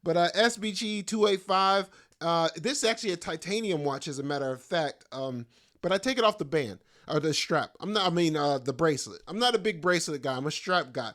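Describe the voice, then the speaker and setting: An animated middle-aged stand-up comedian talks on his own podcast in a brisk, slightly bright voice that sits on the high side. His rambling is casual and slangy, and he often makes himself the butt of the joke.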